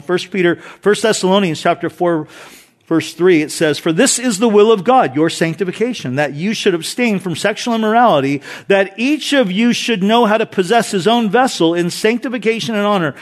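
A middle-aged male pastor preaching a sermon, mixing scripture readings with humorous stories. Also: high voice. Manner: animated storytelling with jokes and scripture reading.

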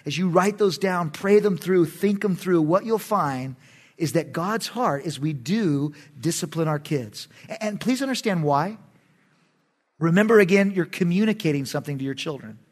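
A middle-aged man, a pastor preaching a sermon in an animated, emphatic way, with sudden loud bursts. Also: on the high side, moderate pace.

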